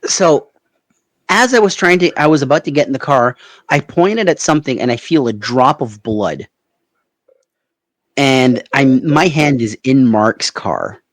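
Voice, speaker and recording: A man with a Canadian Maritimes accent tells a meandering anecdote on a podcast, chuckling as he goes. His voice sits at an everyday pitch, recorded close and dry. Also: animated, unhurried, no echo. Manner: rambling anecdotal, laughs at own story. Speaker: podcast co-host. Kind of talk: casual storytelling chat.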